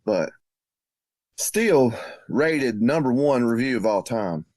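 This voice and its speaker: A man's voice: mid-range voice, animated, slow, darkish tone, no echo. Teasing laid-back male podcast host. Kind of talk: casual banter.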